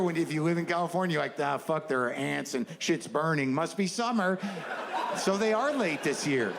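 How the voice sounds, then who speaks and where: A man doing a stand-up comedy set on stage, riffing in a rambling, conversational and profane way. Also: fairly high pitch. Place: stage before a live audience. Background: faint audience laughter.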